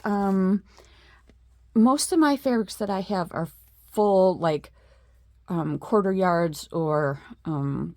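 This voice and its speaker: A woman's voice: lowish voice, darkish tone, dry recording, studio quality. A middle-aged woman in a casual craft show-and-tell, chatting with lots of fillers and admiring asides. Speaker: craft vlogger.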